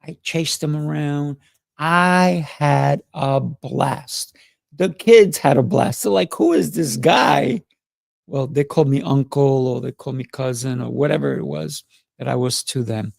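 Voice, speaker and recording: Playful gravelly man on a livestream. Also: mid-range voice, a little slow, dry recording, clean studio sound. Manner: playful, excitable, laughs often. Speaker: livestream host. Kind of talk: motivational livestream talk.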